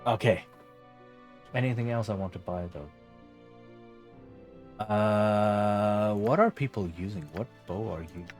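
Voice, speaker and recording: A man's voice: lowish voice, slow, long pauses, a little mellow, faint music behind. A man streaming a game, tired and yawning, thinking aloud and joking casually. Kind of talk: casual gameplay commentary.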